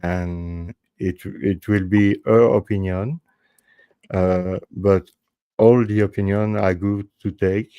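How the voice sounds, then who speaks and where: A man with a French accent, a native French speaker hosting a panel podcast in casual chat, halting and restarting often. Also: low-pitched, fairly even intonation, clean tone, no room sound, lo-fi sound. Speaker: podcast host.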